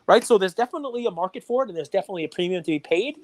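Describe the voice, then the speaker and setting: A man's voice: high-pitched, racing. A middle-aged man co-hosting a podcast, chatting casually and getting worked up as he rants. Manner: animated, gets worked up and ranty. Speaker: podcast co-host. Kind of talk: casual chat.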